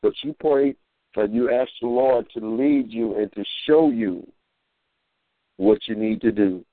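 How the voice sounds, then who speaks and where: A man's voice: mid-range voice, unhurried, no room sound. A man who ministers, telling folksy stories and preaching in a rambling way, repeating phrases and acting out voices. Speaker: minister calling in. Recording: tinny dry phone line.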